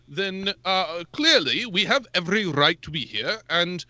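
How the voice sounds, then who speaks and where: A man's voice: high voice, big pitch swings, a little slow, few pauses, bright, forceful tone, no echo. A man playing in a tabletop game, casually narrating what his character does. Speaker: player.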